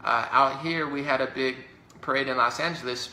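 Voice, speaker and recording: A man delivering a heated, indignant political rant to camera, talking fast with many fillers and mocking his opponents. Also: mid-range voice, sharp tone, slight background noise. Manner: rapid, indignant, mocks opponents in put-on voices. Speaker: political commentator. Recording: roomy echo.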